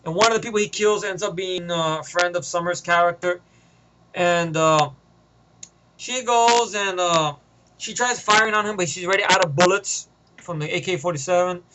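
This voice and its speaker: A man vlogging, rambling through a movie pitch in casual slang and swearing, in a noisy home recording. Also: normal speed.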